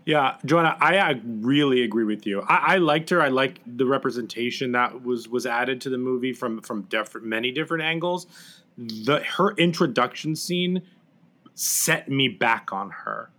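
A man's voice: mid-range voice, moderate pace, sharp tone. A man on a podcast panel in casual chat, blunt and critical in his opinions.

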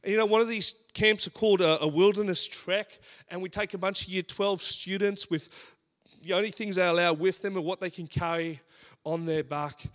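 An Australian man in his thirties preaching a sermon, telling stories in an animated, humorous way. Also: high voice, moderate pace.

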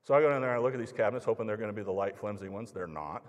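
The long reverb of a big hall fills this storytelling sermon, where a man with a fairly low voice recounts a personal anecdote at a racing pace. He speaks conversationally and performs the lines of the people involved.

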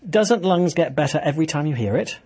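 Chatty male radio host, husky voice. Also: fairly high pitch, fairly quick. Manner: chatty, excitable, self-interrupting. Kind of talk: casual radio chat.

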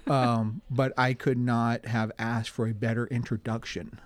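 A man who acts in community theater, relaxed and thoughtful in an interview. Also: mid-range voice, a little slow, dry recording. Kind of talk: casual interview.

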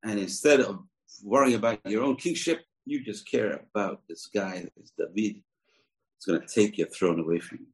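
Furious old king, done by a male teacher, deep voice, accusing tone, retold story. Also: moderate pace, lightly acted, poor audio. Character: angry older male king, jealous and furious.

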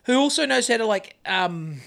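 A woman's voice: fairly high pitch, lively intonation, moderate pace, vocal fry. A woman co-hosting a casual chat podcast from a couch, rambling and swearing, restarting sentences, close to a phone mic. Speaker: podcast co-host. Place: living room couch. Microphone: phone held close to her.

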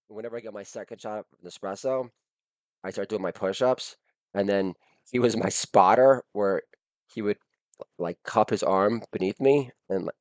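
A man hosting a podcast with a blown-out, hoarse voice, delivering a crude comedic rant broken up by sudden shouted catchphrases. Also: lowish voice, no echo. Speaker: podcast host.

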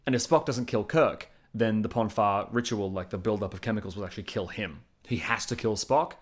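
A man in his thirties, a podcast guest, chatting casually with rambling, profane, animated storytelling. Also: fairly low pitch, a little fast. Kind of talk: casual chat.

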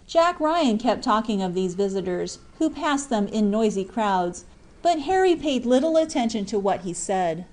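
A woman reading a classic novel aloud as an audiobook, in a clear, measured, expressive narration. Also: medium pitch. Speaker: audiobook reader. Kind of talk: scripted narration.

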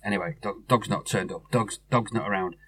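A man's voice: lowish voice, fairly quick, a bit bright, breathy edge, dry recording. A middle-aged man, telling a rambling story in casual chat, with many restarts. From North West England.

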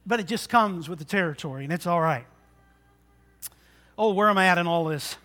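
Male preacher, high bright voice, chatty sermon in church, questions to the pews. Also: a little fast. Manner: conversational, asks the congregation questions.

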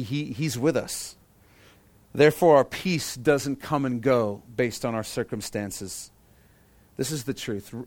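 A man preaching a sermon as pastor, earnest and repeating key phrases for emphasis. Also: mid-range voice.

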